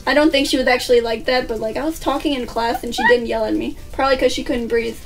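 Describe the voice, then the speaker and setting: Talking quickly in a steady, high voice with few pauses, a woman vlogs a casual storytime, acting out people's dialogue and swearing occasionally. The recording has a distant mic and faint background music.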